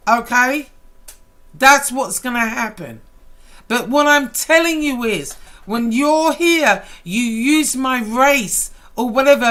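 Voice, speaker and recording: A woman vlogger in a heated, profane rant, her voice bright and edged. She talks slowly and deliberately, swinging from loud outbursts to low, simmering intensity. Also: lively intonation. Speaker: YouTuber. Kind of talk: angry rant to camera.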